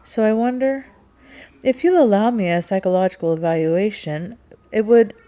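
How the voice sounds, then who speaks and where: A woman's voice: medium pitch, animated, moderate pace, mellow, close to an everyday voice. A woman reading the part of an outspoken young woman who questions in a precise, analytical way. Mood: probing.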